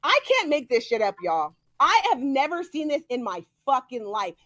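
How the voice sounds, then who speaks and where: A woman's voice: sits high, sing-song, moderate pace, a bit bright, no echo. A woman on a livestream, ranting angrily and firing the same questions over and over. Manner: angry, confrontational, repeats questions. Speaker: streamer in an online dispute. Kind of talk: heated livestream rant.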